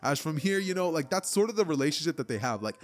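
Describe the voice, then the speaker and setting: A man's voice: on the high side, sing-song, fast, soft background music. A young man casually telling a fan-fiction story in a rambling, chatty way. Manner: rambling, filler-heavy, chatty. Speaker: channel host narrator.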